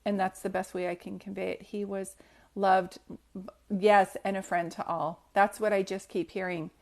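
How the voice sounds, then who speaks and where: A woman giving a casual live reading as a medium, her voice sitting in a comfortable middle range. She speaks gently and reassuringly, pausing often and filling the gaps with soft ums. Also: mid-range voice, little pitch movement. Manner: gentle, reassuring, hesitant with many fillers. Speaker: psychic medium on a livestream.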